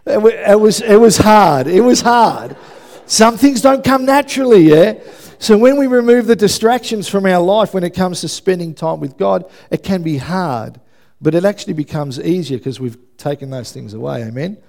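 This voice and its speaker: A man's voice: sits high, normal speed, vocal fry, a little mellow. A man preaching a sermon in a conversational way, often checking in with the congregation. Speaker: pastor.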